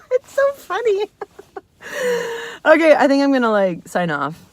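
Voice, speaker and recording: A woman's voice: high-pitched, no room sound. A woman in her thirties talking to camera from her car, rambling casually, laughing often and swearing freely. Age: 30s. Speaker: vlogger. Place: inside a parked car in the rain.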